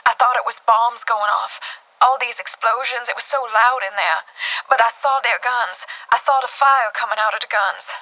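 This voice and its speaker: An actress in her twenties playing a shaken young waitress giving halting testimony about a shooting. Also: fairly high pitch, pushed and bright, poor audio. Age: 20s.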